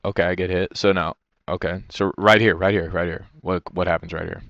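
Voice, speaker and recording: Deep-voiced man rambling over a replay. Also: fairly even intonation, brisk, a bit bright, no room sound, lo-fi sound. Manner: rambling, self-critical, swears a lot, fillers "you know". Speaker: player reviewing his own match. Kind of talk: casual game review commentary. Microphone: headset.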